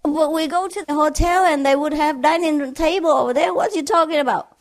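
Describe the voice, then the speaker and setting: A woman's voice: sits high, a little fast, voice pushed up. A woman voicing a wife who questions and coaxes her husband. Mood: questioning. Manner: incredulous, coaxing.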